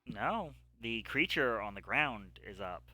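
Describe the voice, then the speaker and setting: A man narrates a tabletop fight as game master, pausing often with fillers as he describes the action. His voice is bright and forward. The sound is dry and close, with little room. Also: medium pitch, animated, no echo. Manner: halting descriptive narration with many ums. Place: home setup, streamed live.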